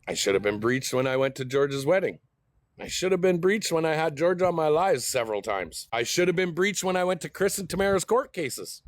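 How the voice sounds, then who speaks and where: A man's voice: fairly high pitch, dry recording. A middle-aged man, telling a heated, profane story in a casual vlog rant. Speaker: host.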